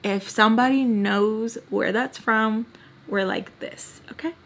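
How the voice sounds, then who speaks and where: A woman's voice: on the high side, unhurried, gravelly, fairly bright tone. A young adult woman telling a storytime on camera while doing her makeup, rambling and venting emotionally straight to her viewers. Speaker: storytime vlogger.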